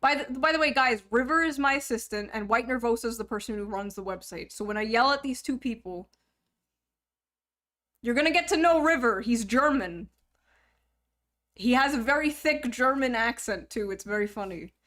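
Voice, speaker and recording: High-voiced young woman streamer joking around. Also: moderate pace, fairly bright tone. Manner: joking, rambling, self-mocking. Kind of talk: casual live-stream chat.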